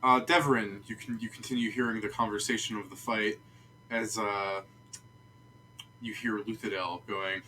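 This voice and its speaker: A man's voice: on the low side, steady tone, moderate pace, sharp tone, slight background noise. A man running a tabletop game as game master, chatty and laughing often.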